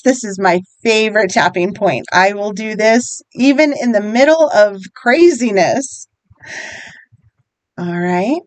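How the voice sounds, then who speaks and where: A woman gently guides listeners through a tapping routine, one encouraging step at a time. Her voice sits a bit high and moves with lively melody at an unhurried, slow pace. The sound is close and dry. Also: no echo. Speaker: EFT wellness guide.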